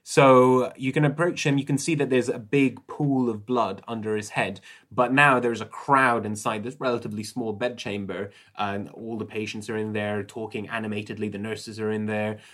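A man narrating as game master of a tabletop role-playing game, relaxed and chatty with many fillers. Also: fairly low pitch, moderate pace, hardly any pauses.

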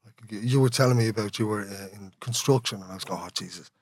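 A man's voice: on the low side, fast talker, a little mellow, no echo. A man with an Irish accent talking as an interview guest, rambling and candid, laughing often and swearing freely. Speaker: guest, musician. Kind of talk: casual conversational interview.

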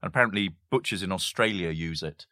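In a clean, dry studio recording, a man with a deep voice talks fast about language games. A history professor, he's animated and giggly in this casual conversation, frequently hesitating and starting over.

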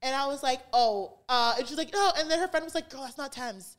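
Animated young woman telling stories. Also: high voice, quick pace. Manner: animated, heavy use of "like", acts out quotes. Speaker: podcast guest. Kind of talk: casual storytelling chat.

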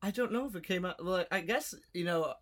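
A man guest from a band in casual chat, speaking hesitantly with many filler sounds and soft laughs. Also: high-pitched, fairly quick.

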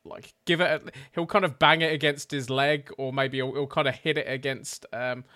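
A man's voice: medium pitch, fairly even intonation, normal speed, sharp tone. A man playing a tabletop game, bantering loosely with a lot of swearing. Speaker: player. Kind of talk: casual tabletop game chat.

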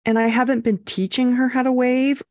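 A young woman co-hosting a podcast, telling a story in a casual, animated way and acting out quotes. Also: sits high, a little fast, no echo. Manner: animated, acts out quotes with swearing and laughs. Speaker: podcast co-host.

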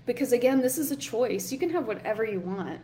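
A woman leads a live online workshop, chatty and encouraging. Her voice sits somewhat high. A faint noise runs under her talk. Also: animated, fairly quick, warm tone. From Southern US. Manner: chatty, encouraging, reads chat comments aloud. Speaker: coach, workshop host.

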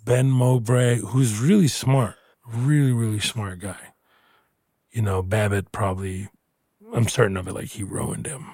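A comedian in his thirties chatting casually, animated and playful, swearing freely as he tells stories. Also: on the low side, a little slow, husky, no echo, studio quality. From Houston, Texas. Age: 30s. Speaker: comedian co-host. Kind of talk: casual chat.

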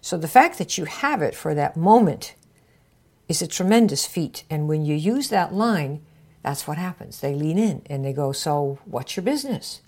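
A woman hosting a marketing podcast, coaching listeners in a casual way and acting out little conversations with bright shifts of tone. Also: low-pitched, normal speed. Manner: acts out little dialogues with lively shifts of tone.

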